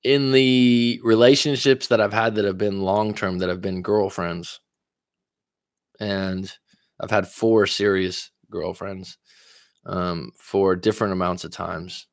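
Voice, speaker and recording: This male coach and livestream host has a low voice with fairly even intonation, captured in a dry, close recording. Going through viewer comments, he chats casually, reads them out, and responds with pointed questions. He talks fast, blaming coffee, and stutters here and there.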